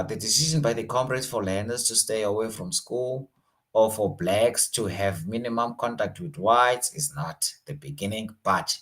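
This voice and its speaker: Casual South African male teacher. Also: fairly low pitch. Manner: casual and slangy, switching between languages. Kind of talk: online exam revision lesson.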